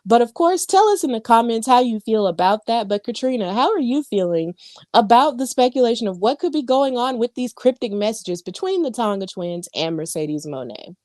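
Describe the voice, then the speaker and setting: A woman's voice: a little high, animated, moderate pace, a little mellow, dry recording, studio quality. A woman co-hosting a podcast, recapping wrestling in a chatty way with lots of fillers and asides. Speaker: podcast co-host. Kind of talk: casual wrestling recap chat.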